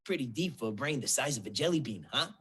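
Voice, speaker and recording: A small, hot-headed male cartoon bird talks earnestly about his own anger. His pitch bounces lively up and down. The voice is slightly husky. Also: fast talker. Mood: reflective.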